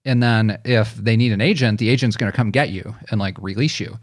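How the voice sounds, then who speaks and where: A man's voice: fairly low pitch, a little fast, husky, no echo, clean studio sound. A man co-hosting a podcast, chatting casually in a rambling way and laughing often. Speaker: podcast co-host. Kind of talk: casual chat.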